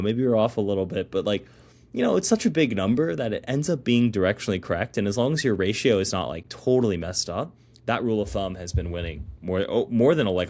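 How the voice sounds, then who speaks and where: Casual male co-host, somewhat low voice, loose rambling delivery full of fillers and slang. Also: darkish tone. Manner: slangy, calls people dude and bro. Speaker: podcast co-host. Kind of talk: casual chat.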